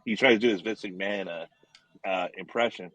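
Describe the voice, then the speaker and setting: A man's voice: sits low, moderate pace, fairly bright tone, muffled recording. A man in a casual podcast chat, rambling and laughing as he recounts things.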